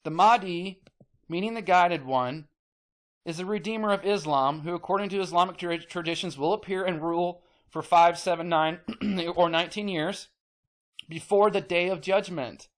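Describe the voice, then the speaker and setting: A man's voice: high-pitched, normal speed. A man hosting his own channel, ranting emphatically to the camera, repeating himself, swearing casually and getting worked up. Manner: emphatic, repetitive, gets worked up. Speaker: channel host.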